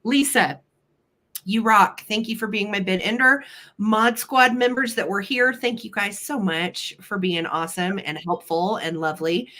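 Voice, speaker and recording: An unhurried, sharp-toned woman with a mid-range voice pitches vintage items on a live stream from home. Friendly and talkative, she drops apologetic asides, her voice slightly weakened after an illness.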